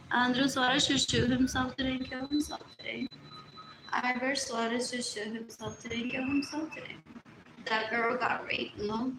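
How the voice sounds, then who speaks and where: A woman's voice: high-pitched, steady tone, normal speed. A woman talking alone on a phone livestream in a rambling way, repeating phrases and sometimes dropping to a whisper. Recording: echoey room with clear background noise.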